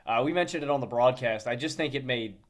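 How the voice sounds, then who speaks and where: Relaxed man chatting with many fillers. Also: medium pitch, fast talker. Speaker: podcast co-host. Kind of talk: casual chat.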